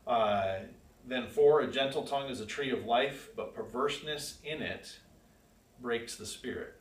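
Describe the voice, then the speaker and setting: In a casual, conversational way, a man with a mid-range voice leads a church Bible class at a measured pace. He asks the group questions and reads verses aloud, stressing them. The recording is distant from the mic, in an echoey room with faint hiss.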